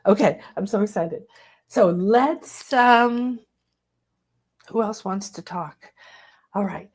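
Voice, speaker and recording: A woman hosting a spiritual workshop, talking in a casual, enthusiastic, expressive way and acting out little voices as she teaches. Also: mid-range voice, slow pace, long pauses, slightly rough. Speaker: host leading a spiritual workshop.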